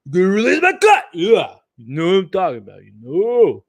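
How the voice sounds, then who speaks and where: A man's voice: high-pitched, huge pitch swings, moderate pace, no echo, pitched above the performer's own voice, full character voice. A man putting on a slurred, mumbling impression of an aging male movie boxer star.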